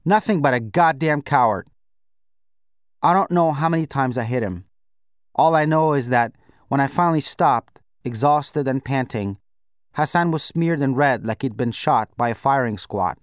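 A man reads a first-person novel aloud in a steady, measured voice of middle pitch. The recording is dry and close, with no room around the voice. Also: smooth, dry recording. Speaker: audiobook narrator. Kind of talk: scripted narration.

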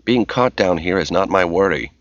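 A man voicing a calm, dryly wry man exploring a dark, foul place while talking over an earpiece. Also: low voice, moderate pace, dry recording. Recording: slightly dull dry recording.

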